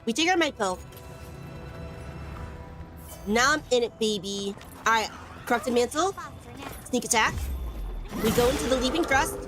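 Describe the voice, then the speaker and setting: A woman's voice: on the high side, measured pace, long pauses, over music. A young woman giving bubbly, self-teasing live gameplay commentary from home as a streamer. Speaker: gaming streamer.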